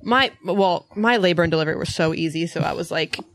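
A woman's voice: on the low side, quick pace, a little hiss or hum. A woman co-hosting a podcast, chatting and encouraging the others. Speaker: podcast co-host. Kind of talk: casual chat.

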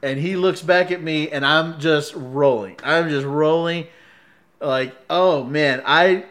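A man in a casual chat, telling a story in an animated way, laughing often and acting out quoted lines. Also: on the high side, measured pace.

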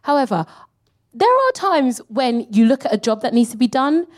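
A woman, co-hosting a live comedy podcast in an animated, sweary style and slipping into mocking impressions. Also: high-pitched, normal speed, a little hiss or hum. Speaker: co-host. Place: live stage before an audience.

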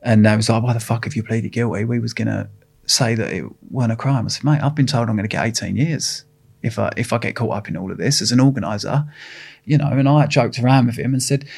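The interviewee is a middle-aged Essex man from England with a mid-range, creaky, husky voice that's a little mellow. He recounts his story bluntly, swearing freely and starting his sentences over.

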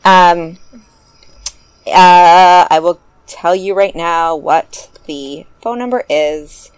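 A woman hosting a casual podcast chat, animated and joking as she urges listeners to act. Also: lowish voice, drawn-out words, smooth, no room sound. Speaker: podcast host.

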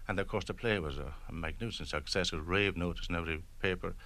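A man's voice: sits low, fast talker, pushed and bright. A man reminiscing in an interview, telling anecdotes with hesitant restarts.

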